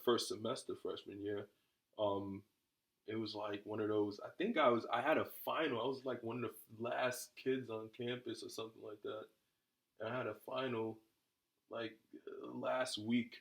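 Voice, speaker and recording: A man's voice: lowish voice, fairly even intonation, normal speed, poor audio. A man in his thirties from New York co-hosting a couple's podcast, easygoing, laughing often and rambling with restarts. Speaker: podcast co-host. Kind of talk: casual couple chat.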